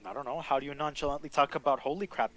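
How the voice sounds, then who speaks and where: A man's voice: medium pitch, steady tone, fairly bright tone, faint music behind. A man casually teasing and joking with his tabletop group. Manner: teasing, laid-back, quick to laugh. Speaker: tabletop game player. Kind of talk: casual chat between players.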